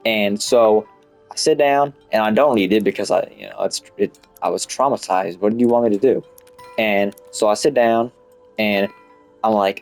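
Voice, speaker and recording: A man's voice: fairly low pitch, moderate pace, a little mellow, faint music behind. A young man telling a story in a rambling, casual way, with lots of swearing and filler "like". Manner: rambling, swears a lot, heavy use of "like". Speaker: vlogger.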